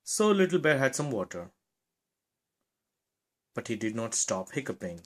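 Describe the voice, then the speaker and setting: Male storyteller, children's read-aloud, slow, lively pitch. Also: background noise. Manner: slow, expressive reading.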